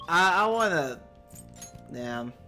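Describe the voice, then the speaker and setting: A young man chatting through a live game stream, swearing freely and jumping into a high pitch whenever he gets flustered. His voice is bright and forward. Faint game music plays under his talk. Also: sing-song, slow pace. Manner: swears a lot, pitch jumps up sharply when flustered. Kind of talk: casual live gameplay commentary.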